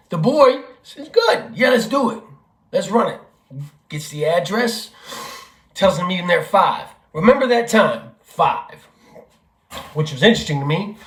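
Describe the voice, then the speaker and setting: A man, a father, telling a family story in a casual vlog, animated and profane, acting out what people said. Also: fairly high pitch, reverberant. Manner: animated, profane, acts out quotes. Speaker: vlogger, father.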